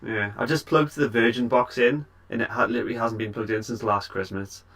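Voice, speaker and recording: A man's voice: medium pitch, fairly even intonation, brisk, fairly bright tone. A man chatting hesitantly on a podcast livestream, trailing off with fillers. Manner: hesitant, mumbling. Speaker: podcast co-host. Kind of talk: casual chat.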